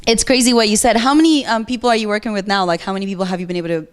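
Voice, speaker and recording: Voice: mid-range voice, steady tone, very fast, clear, resonant tone. An interviewer in a casual conversation who relays the guest's words, switches languages and asks curious questions while laughing along.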